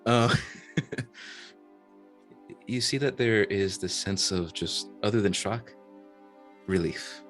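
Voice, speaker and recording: A man narrating as game master of a tabletop role-playing game, slow and descriptive with small hesitations. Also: on the low side, fairly bright tone, faint music behind.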